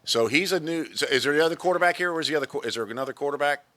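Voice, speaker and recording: A man interviewing a coach and players at a sports media day, chatty and joking with quick follow-up questions. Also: fairly high pitch, pushed and bright, no echo.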